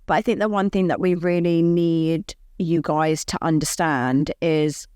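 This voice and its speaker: A woman's voice: sits low, steady tone, a little slow, darkish tone, clear, resonant tone, dry recording, clean studio sound. A woman co-hosting a podcast, earnestly reassuring listeners in casual chat. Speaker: podcast co-host. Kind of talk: casual chat giving advice.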